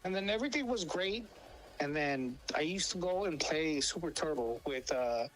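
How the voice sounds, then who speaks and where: A man's voice: fairly high pitch, animated, normal speed, a bit bright, soft background music, rough recording. A man telling rambling stories as a co-host, with heavy swearing and many fillers and restarts. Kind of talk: casual storytelling chat.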